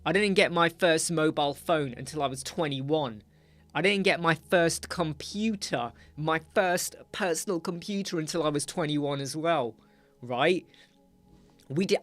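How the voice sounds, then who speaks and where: Brief: man, 40s, livestream host, chatty and ranting, slightly high voice, faint music behind. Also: no room sound. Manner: chatty, ranting, slips into client impressions. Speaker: web designer livestream host. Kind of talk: casual livestream chat while working.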